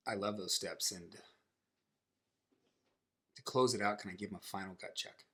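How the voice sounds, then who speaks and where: A man's voice: low-pitched, fairly even intonation, moderate pace, sharp tone, breathy edge. A man co-hosting a podcast, closing with an emphatic, rousing delivery. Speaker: podcast co-host. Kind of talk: casual motivational podcast chat.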